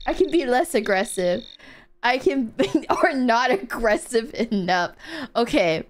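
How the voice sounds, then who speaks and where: A woman streaming a game, playful, giggly and excitable, talking to her chat. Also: fairly high pitch, a little slow, a little hiss or hum.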